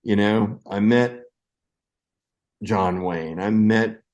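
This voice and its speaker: A man's voice: lowish voice, extremely slow, highs cut off. A man in his sixties, a veteran actor and screenwriter, telling stories in a casual interview and acting out other people's lines as he goes. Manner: animated storyteller who acts out other people's lines. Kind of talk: casual anecdotal storytelling.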